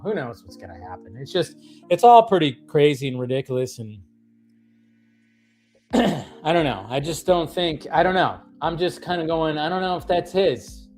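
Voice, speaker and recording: A man's voice: a little high, a little mellow. A man hosting a livestream, ranting casually with many fillers and restarts, sounding exasperated. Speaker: livestream host.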